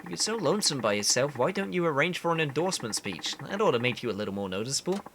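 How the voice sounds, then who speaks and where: A man voicing a blunt, upbeat young reporter who talks quickly. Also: mid-range voice, big pitch swings, fairly bright tone, slight background noise.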